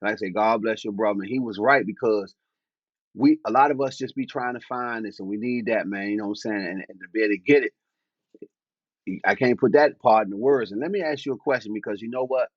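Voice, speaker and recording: An easygoing man from the Washington DC area asks a guest about his past in loose street talk. His voice sits at a middle pitch. The sound is dry and a bit muffled. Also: brisk, no room sound. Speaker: interviewer. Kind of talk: casual interview chat. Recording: dry, slightly dull recording.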